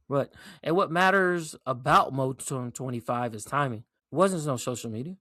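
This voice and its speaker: A man's voice: medium pitch, lively intonation, brisk, hardly any pauses, fairly bright tone, no echo, clean studio sound. A man in his forties hosting a casual commentary monologue, emphatic and profane, often tagging points with "right?". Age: 40s. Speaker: host.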